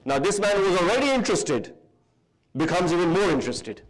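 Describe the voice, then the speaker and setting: Uk guy preaching, high-ish voice, storytelling with lots of arabic words, slows down to stress things. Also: rough recording. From United Kingdom. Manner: lively, slows for emphasis, mixes in Arabic terms. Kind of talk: sermon storytelling. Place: large hall.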